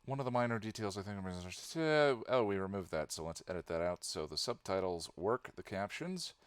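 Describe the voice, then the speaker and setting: A man's voice: on the low side, animated, brisk, smooth, dry recording. A man hosting a casual live stream while he edits a video review, muttering distracted asides to himself and greeting viewers. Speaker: channel host editing a video review.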